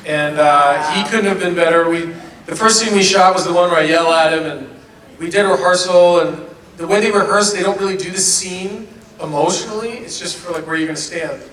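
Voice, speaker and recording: Male actor at a convention panel. Higher, bright voice with lively, laughing storytelling. Mic heard from a distance in an echoey hall. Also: fairly quick. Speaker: actor answering fan questions.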